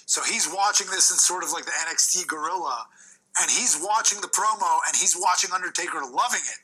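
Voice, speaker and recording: A man with a husky voice telling a backstage story in an interview clip, animated and slowing down for quotes. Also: sits high, rough recording.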